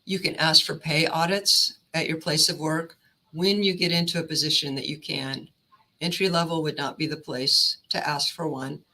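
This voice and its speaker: Woman career counselor, presenter, bright tense tone, even instructive delivery. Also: deep voice, low-quality recording.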